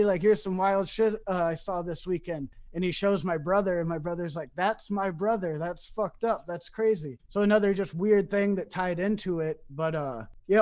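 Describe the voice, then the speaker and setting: A man's voice: sits high, a little mellow. A man from the St. Louis area, a podcast guest telling a story in loose, profane talk full of fillers, acting out quoted lines. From East Saint Louis. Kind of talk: casual storytelling.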